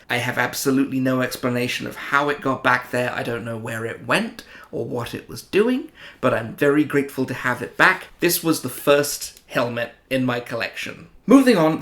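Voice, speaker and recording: A man's voice: medium pitch, normal speed, few pauses. British man telling stories in an echoey room. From United Kingdom. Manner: animated, self-amused storyteller. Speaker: collector vlogger. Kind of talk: casual storytelling. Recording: roomy echo.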